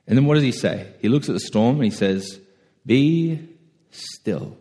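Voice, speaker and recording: Low husky man preaching in echoey hall. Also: fast talker. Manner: conversational, self-deprecating, animated storytelling. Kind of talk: sermon.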